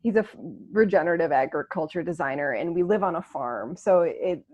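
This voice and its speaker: A woman's voice: on the low side, lively intonation, fairly quick, darkish tone, dull audio. A woman hosting a casual interview podcast, asking curious questions and restarting her sentences as she chats. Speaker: podcast host.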